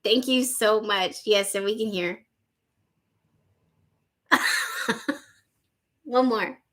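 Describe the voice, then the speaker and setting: A woman's voice: mid-range voice, very slow. A woman hosting a casual live stream, reading viewer comments aloud in an effusive way and often repeating phrases back. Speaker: livestream host.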